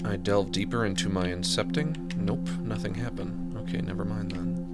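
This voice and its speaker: A man with a lowish voice and some vocal fry speaks at normal speed while playing a game live. He jokes and rambles to himself and his chat in relaxed commentary, game music running underneath.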